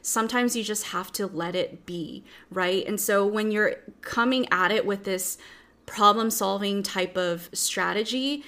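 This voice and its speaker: A young adult woman, a self-empowerment coach, talking openly through a workbook, reflective with wry dark humor. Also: mid-range voice. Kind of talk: casual workbook walk-through.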